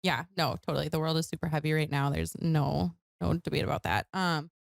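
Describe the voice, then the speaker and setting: A young woman talks in a low, gravelly voice, candid and loose, full of filler words. Her sound is dry and close, as if into a handheld mic. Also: fairly even intonation, a little fast, no room sound. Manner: candid, swears, heavy "like" fillers. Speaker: guest author. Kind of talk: casual podcast chat. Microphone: handheld microphone.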